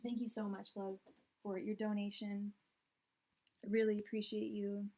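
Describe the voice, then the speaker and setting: A young woman giving a live tarot reading in a casual, meandering way. Her voice sits at a middle pitch. She circles back on her words and pushes her voice out to be heard. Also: level tone, moderate pace, noisy background. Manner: casual, rambling, many fillers and restarts; projecting loudly so the audio carries. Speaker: tarot reader.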